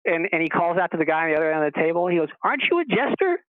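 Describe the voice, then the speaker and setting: A man's voice: a little high, rapid-fire, smooth, no echo. A man being interviewed as a guest, telling stories casually and acting out the dialogue in a raised voice. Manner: animated storyteller who acts out quoted dialogue in a raised voice. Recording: tinny phone line.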